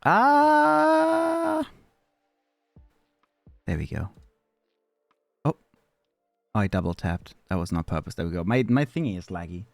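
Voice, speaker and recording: A man chatting casually on a live stream, rambling and swearing, with sudden squeaky high bits. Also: wildly swooping pitch, slow, gravelly, pauses often, no echo, studio quality, faint music behind.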